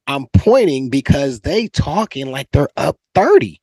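Man, 40s, from California, podcast co-host, lively pitch, dry close mic, laughs between lines. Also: measured pace, breathy edge, no room sound. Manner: animated, acts out quotes with big pitch jumps, laughs often. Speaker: podcast co-host, former football player. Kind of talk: casual storytelling chat.

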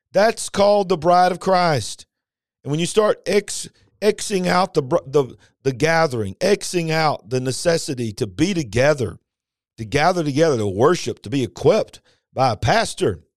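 A man's voice: high voice, no echo, studio quality. A man preaching a podcast sermon, fervent and emphatic, firing rhetorical questions at his listeners.

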